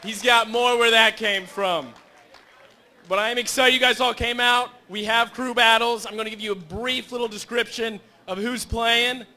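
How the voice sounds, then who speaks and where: A man emceeing a gaming tournament, teasing the crowd and shouting to get them cheering. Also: high-pitched. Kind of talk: joking crowd introduction. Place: large indoor tournament venue.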